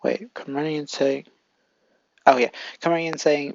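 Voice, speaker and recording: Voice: medium pitch, steady tone, moderate pace, dry recording, lo-fi sound. A fan storyteller narrating casually, often stumbling and correcting themself.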